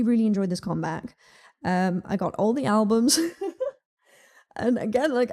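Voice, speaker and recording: A young woman with a Dutch accent chats through her music picks with a mellow, warm tone. She rambles loosely, filling gaps with ums and likes and the odd swear word. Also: medium pitch. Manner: chatty, lots of ums and likes, laughs often, casual swearing. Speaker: music vlogger. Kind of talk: casual music review chat.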